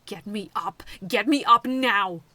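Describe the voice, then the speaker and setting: A woman's voice: mid-range voice, slow, sharp tone, no room sound. A woman voicing a fierce, one-eyed female fighting robot who barks stern commands. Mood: commanding. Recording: distant mic with faint noise.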